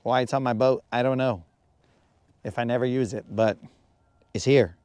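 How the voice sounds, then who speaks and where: A man's voice: medium pitch, fairly even intonation, moderate pace, darkish tone, clear, resonant tone, dry recording. A man hosting a live fishing stream from his boat, chatting casually and slangily with viewers. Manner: laid-back, slangy, talks to chat viewers. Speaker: fishing livestream host. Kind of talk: casual livestream chat.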